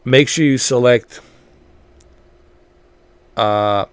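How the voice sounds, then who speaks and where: A man talks over gameplay footage in a loose, rambling way, circling back and filling gaps with ums and uhs. His voice sits at an ordinary middle pitch. The sound is dry and close, with no room around it. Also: extremely slow, clear, resonant tone, dry recording. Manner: rambling, repeats himself with many fillers. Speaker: gaming channel host. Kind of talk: casual gameplay commentary.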